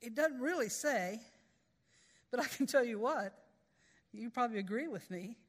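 A woman's voice: on the high side, expressive, normal speed, big-room sound. A woman preaching a sermon in a folksy, conversational way, with storytelling asides.

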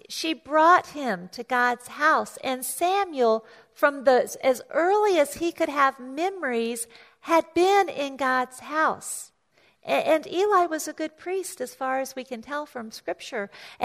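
A woman pastor with a gravelly, slightly bright voice preaches a sermon, retelling a scripture story conversationally. She often restarts and repeats words, and she raises her pitch to act out the characters' voices as she tells it.

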